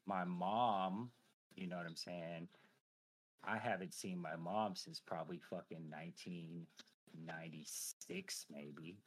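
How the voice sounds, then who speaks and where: A seasoned podcast guest in his thirties, deep-voiced and slow, tells a personal story in relaxed chat. He swears freely, stays animated, and scatters filler phrases throughout.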